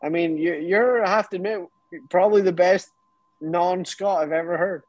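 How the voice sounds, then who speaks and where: A relaxed Scottish man talking on a podcast in a slightly high voice. He stays easygoing and loose, and he often restarts his sentences by repeating the first words. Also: moderate pace, no room sound, low-quality recording. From Scotland. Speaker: guest golfer. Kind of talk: casual podcast chat.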